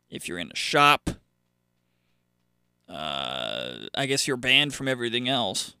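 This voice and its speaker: A male radio host talking off the cuff in a bright, crisp voice, sarcastic and rambling. His speech is full of fillers and restarts. The sound is close and dry. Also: on the high side, big pitch swings, takes it slowly, dry recording. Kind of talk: casual solo radio monologue.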